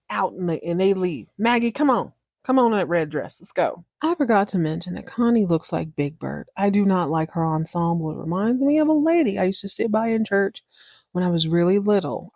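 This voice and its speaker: A woman hosts a podcast, recapping a TV series in a sassy, animated, folksy way with wry asides. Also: lowish voice, no room sound, studio quality. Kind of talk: casual recap monologue.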